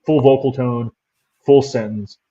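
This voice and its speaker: A man's voice: mid-range voice, steady tone, measured pace, dull audio, over a noisy crowd. A man, a paranormal investigator, chatting casually as a guest and recounting an experience, stumbling and repeating words as he goes. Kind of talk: casual storytelling chat.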